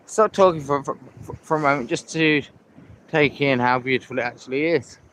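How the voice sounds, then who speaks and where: A man's voice: fairly high pitch, normal speed, fairly bright tone, slight background noise. A man on a live walking vlog, chatty and enthusiastic, out of breath as he climbs a hill path outdoors, filmed on a handheld phone. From England. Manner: chatty, repeats himself, enthusiastic about scenery. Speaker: vlogger.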